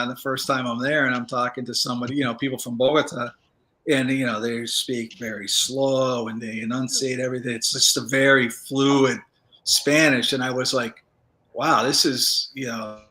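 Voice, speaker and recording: A man, a former federal agent, telling stories in a casual interview, relaxed and rambling with many fillers. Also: mid-range voice, brisk.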